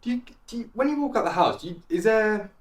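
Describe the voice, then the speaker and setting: A man's voice: high-pitched, animated, fast. Man asking rambling interview questions. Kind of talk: casual interview.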